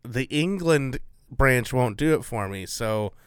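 A man's voice: medium pitch, expressive, slow pace, smooth, no room sound, clean studio sound. A man voicing a cocky male occultist who demands titles, in a flippant, casual way.

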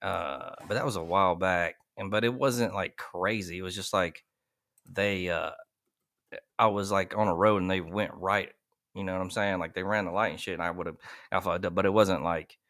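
A man's voice: sits low, fairly even intonation, moderate pace, a bit bright, dry recording, clean studio sound. A man hosting a casual podcast, cursing freely in a laid-back way. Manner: profane, laid-back storytelling. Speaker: host.

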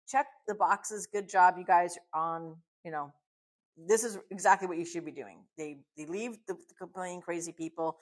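Emphatic woman teaching a Bible study. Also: fairly low pitch. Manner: emphatic, fires rhetorical questions and answers them; chatty and encouraging, with fillers and restarts.

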